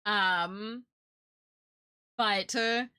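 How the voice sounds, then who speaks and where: A young woman from Kentucky, a streamer and artist, telling stories in casual chat, animated and full of fillers. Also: mid-range voice, drawn-out words, smooth. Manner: chatty, animated, lots of fillers and quoted voices.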